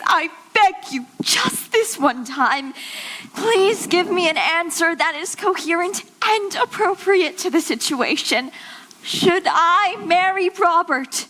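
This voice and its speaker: A woman's voice: very high-pitched, bright, forceful tone, heavily acted, low-quality recording. A woman playing a vain young bride and stage star, dramatic and flustered on a stage. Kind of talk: stage musical acting.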